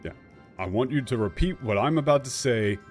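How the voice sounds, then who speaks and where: A man streaming a game, giving irreverent, swearing commentary and haltingly translating lines. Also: mid-range voice, expressive. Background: game music.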